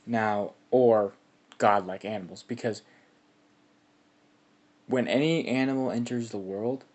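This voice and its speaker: A man narrating a homemade fan story in a loose, rambling way, leaning on filler words as he goes. His voice sits on the low side. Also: a little mellow.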